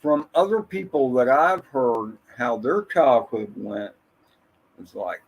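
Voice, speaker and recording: Man, livestream host, slow unhurried rambler, reminiscing and answering chat. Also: medium pitch, expressive, breathy edge, muffled recording. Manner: greets viewers from the chat by name. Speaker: drone channel livestream host. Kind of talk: casual livestream chat with viewers.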